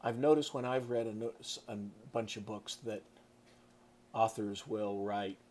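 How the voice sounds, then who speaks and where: A man's voice: on the low side, steady tone, unhurried, darkish tone, a little hiss or hum. A middle-aged man, an author, giving a casual, chatty lesson on writing to camera, tossing in playful sound effects. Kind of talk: casual instructional talk to camera.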